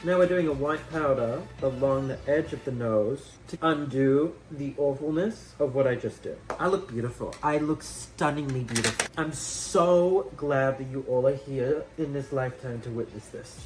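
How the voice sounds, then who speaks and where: A man's voice: mid-range voice, moderate pace, hardly any pauses, darkish tone, faint music behind. A young Australian man doing a chatty drag makeup tutorial, rambling in self-mocking asides. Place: indoor room with a fan.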